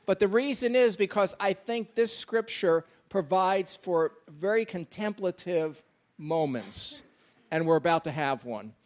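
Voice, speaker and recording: High-voiced man pastor, friendly. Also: lively intonation, measured pace. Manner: friendly, conversational. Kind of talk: sermon introduction. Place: church hall.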